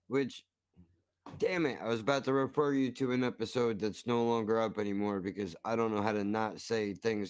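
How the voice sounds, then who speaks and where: Smooth-voiced man ranting with profanity. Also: medium pitch, dry recording, studio quality. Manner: profane, ranting, mock-outraged. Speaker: stream host reacting to a video. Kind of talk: casual reaction commentary.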